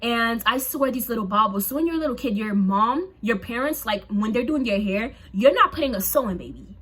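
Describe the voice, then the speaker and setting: A young woman from a Haitian family, chatty and animated, telling a personal story in a casual vlog. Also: fairly high pitch, brisk, slightly rough. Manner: chatty, animated, lots of "like" and asides to viewers. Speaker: storyteller vlogger.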